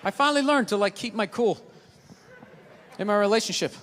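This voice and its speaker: A man doing a stand-up comedy routine, ranting and swearing in loud bursts before a live audience. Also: high-pitched, a little fast, over a noisy crowd, heavy background noise. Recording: live hall reverb with audience.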